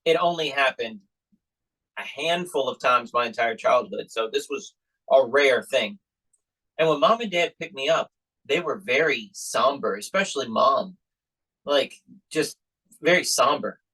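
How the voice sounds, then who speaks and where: Middle-aged male podcast host, lively storyteller, mid-pitched voice. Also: unhurried, slightly rough, low-quality recording. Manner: animated storyteller acting out quoted voices. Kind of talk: casual storytelling chat.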